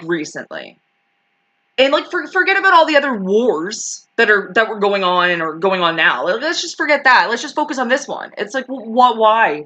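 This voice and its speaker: Canadian lady ranting on her vlog, swears a lot, sarcastic, super lively up and down voice. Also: mid-range voice, highs cut off. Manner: profane, sarcastic, laughs while ranting. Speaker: channel host.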